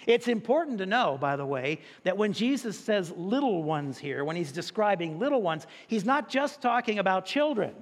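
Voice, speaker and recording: A man preaching a sermon as pastor, with animated delivery and drawn-out emphasis on key words. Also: high-pitched. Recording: long reverb in a large hall.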